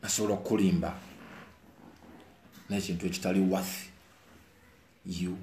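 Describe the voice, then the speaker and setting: Low-voiced Ugandan man in an echoey room. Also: moderate pace, pauses often, slight background noise. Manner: repetitive, emphatic, mixes local language and English, swings from quiet to loud. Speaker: musician. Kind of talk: emotional direct-to-camera rant.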